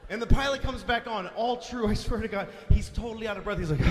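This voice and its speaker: A man telling a story in stand-up, animated and profane, shouting the big moments. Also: sits high, in a large hall, a little hiss or hum. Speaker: stand-up comedian.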